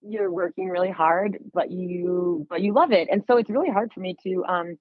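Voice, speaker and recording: A woman's voice: fairly low pitch, normal speed, no echo. A woman photographer chatting as a podcast guest, rambling with many fillers and restarts. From United States. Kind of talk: casual podcast chat. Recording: tinny phone-like sound.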